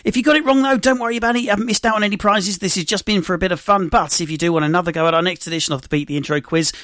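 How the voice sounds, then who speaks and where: A man's voice: sits high, steady tone, fairly bright tone, no echo, studio quality. A male radio presenter hosting a quiz segment in an upbeat, chatty way. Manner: upbeat, chatty, rapid-fire. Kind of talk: radio show links. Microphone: studio microphone.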